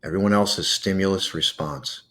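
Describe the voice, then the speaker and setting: A man with a low, deep voice leads a slow breathing exercise. He coaxes gently and lets soft pauses hang between his words. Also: fairly even intonation. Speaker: host guiding a calming exercise. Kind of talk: guided breathing meditation.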